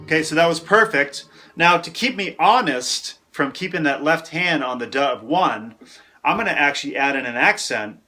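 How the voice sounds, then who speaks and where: A man's voice: on the high side, lively intonation, moderate pace, soft background music. A man teaching a casual drum lesson in a practice room, counting rhythms aloud and vocalizing the beat. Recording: loud drum kit playing behind.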